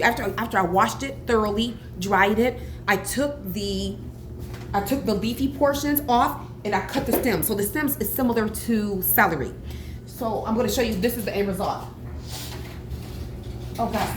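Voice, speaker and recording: A woman in her forties, a cooking vlogger chatting casually at home with rambling, animated asides. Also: mid-range voice. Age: 40s. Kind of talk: casual cooking vlog chat. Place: home kitchen. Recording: echoey kitchen, faint room noise.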